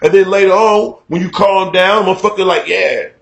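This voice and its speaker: A middle-aged man giving a candid, profane talk-show monologue, emphatic and conversational, getting loud when he is worked up. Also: high-pitched, fairly even intonation, a little fast, echoey room, poor audio. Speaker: radio talk show host.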